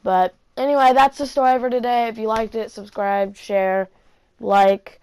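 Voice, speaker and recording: A woman vlogger recounts a story straight to her camera, rambling through asides and cursing nearly every sentence. Her voice sits a little high for a woman, and the talk stays loose and unscripted. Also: steady tone, normal speed, darkish tone, clean tone. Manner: heavy swearing, rambling asides. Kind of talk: casual storytime monologue.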